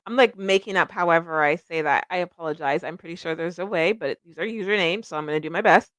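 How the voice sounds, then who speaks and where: A woman's voice: on the low side, quick pace, fairly bright tone, no echo. A middle-aged woman hosting a psychic livestream, chatting casually and rambling, laughing at herself often.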